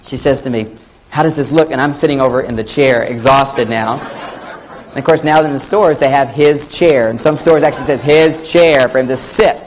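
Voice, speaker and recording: A man's voice: medium pitch, moderate pace, low-quality recording. A middle-aged man giving a jokey relationship lecture to an audience, telling stories and acting out bits of dialogue. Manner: jokey, animated storytelling with acted-out dialogue. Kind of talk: comic lecture to a live audience. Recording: old VHS tape with faint background noise.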